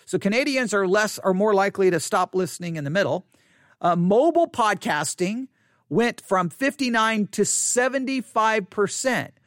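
Alone at a close-up studio microphone, a podcaster comments on listener statistics, restarting often and tossing in incredulous asides. The voice is mid-range, with no echo.

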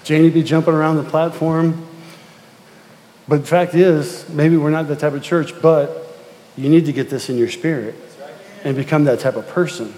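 A man's voice: on the high side, steady tone, moderate pace, long pauses, warm tone. Preaching man in a reverberant church. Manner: storytelling, repeats words, builds to emphatic rising exhortation. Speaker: pastor. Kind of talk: sermon. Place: church sanctuary. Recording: long reverb of a church hall.

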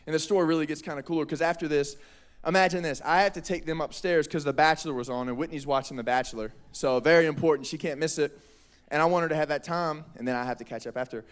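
Animated young preacher man. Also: on the high side, quick pace, clear, resonant tone. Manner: animated, joking, quotes people in voices. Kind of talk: lively youth sermon. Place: church hall.

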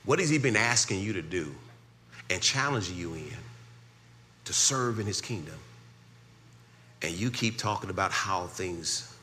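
Preaching man with a bright, animated voice. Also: low-pitched, unhurried, long pauses, a little hiss or hum. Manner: builds to shouting climaxes, call-and-response. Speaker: pastor. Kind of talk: sermon.

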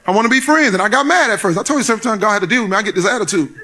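High-voiced preacher man, bright and lively. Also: rapid-fire. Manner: playful storytelling, builds to shouted preaching. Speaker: pastor. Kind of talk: sermon.

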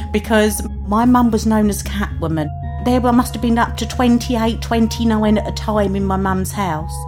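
Earnest British woman telling her story. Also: medium pitch. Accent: British English. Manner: earnest, plain-spoken, emotional. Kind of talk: first-person storytelling. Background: music underneath.

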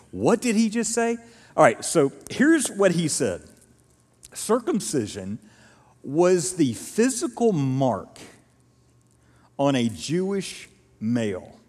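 Guy preaching, super expressive, voice swings all over, echoey church hall. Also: medium pitch, husky. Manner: animated storytelling, acts out quotes. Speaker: pastor. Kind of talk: sermon.

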